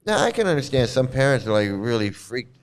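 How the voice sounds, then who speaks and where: A man's voice: medium pitch, very animated, brisk. A man hosting casual commentary as he reacts to videos, blunt and sarcastic, swearing and often restarting his phrases.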